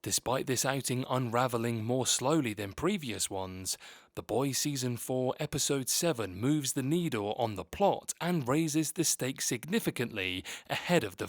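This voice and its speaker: Brief: male video-essay narrator, mid pitch, dry booth sound, even scripted read. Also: dry recording. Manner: steady, measured read-through.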